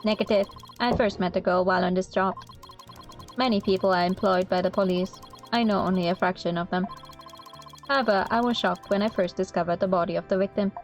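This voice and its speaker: A woman voicing a stiff, robotic-sounding male bomb expert, speaking in flat, clipped, word-by-word phrases. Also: medium pitch, brisk, soft background music, natural voice. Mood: deadpan.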